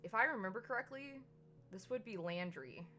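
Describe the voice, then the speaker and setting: A woman streamer reads a story game aloud in a bright, clear voice. She is casual and chatty, tripping over words and fixing them as she goes. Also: medium pitch, expressive, moderate pace, slight background noise. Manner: casual, stumbling over words and laughing at slips. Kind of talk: reading a visual novel aloud.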